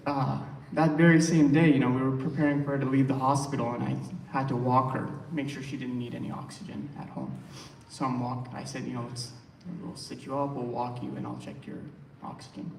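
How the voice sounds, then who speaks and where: A man tells anecdotes about his mother in a funeral eulogy, chatty and animated as he acts out what people said. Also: mid-range voice, a little fast. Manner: chatty, animated when quoting others, laughs lightly. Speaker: son giving a eulogy. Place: funeral hall. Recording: echoey hall from far off, faint noise.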